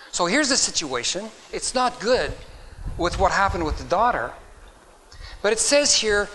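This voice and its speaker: A man's voice: high voice, very animated, unhurried, sharp tone, slight background noise, poor audio. A middle-aged man preaching a sermon, reading old-fashioned scripture aloud, then speaking earnestly and unscripted with frequent restarts. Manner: earnest, reads in King James wording then speaks off the cuff with repeated words.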